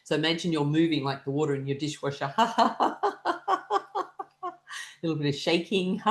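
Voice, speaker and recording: A woman teaching a laughter exercise class, her instructions broken up by loud bursts of rhythmic laughter. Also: low voice, steady tone, fast, few pauses, echoey room. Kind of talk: guided laughter exercise session.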